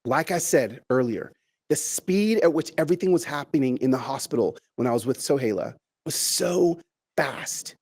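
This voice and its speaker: A middle-aged man giving a motivational keynote to an online audience, animated and chatty, often repeating words and stretching phrases out slowly for emphasis. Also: mid-range voice, husky. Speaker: keynote speaker.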